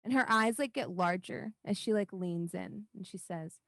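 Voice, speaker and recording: A woman narrating a tabletop game as dungeon master, halting and full of fillers. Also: medium pitch, fairly bright tone, no room sound.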